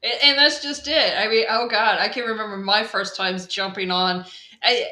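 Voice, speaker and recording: Bright-voiced woman hosting a live stream. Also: medium pitch, moderate pace, roomy sound. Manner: reassuring, talks straight to viewers. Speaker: host.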